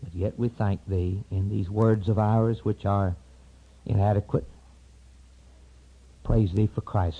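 A man preaching an impassioned sermon, rising to high cries and dropping to hushed, low tones. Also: steady tone, takes it slowly, long pauses, slightly rough, narrow, tinny audio.

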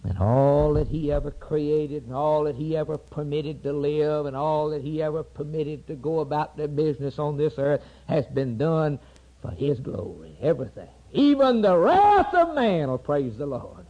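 A man preaching an impassioned sermon, rising to high cries and dropping to hushed, low tones. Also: expressive, normal speed, dull audio.

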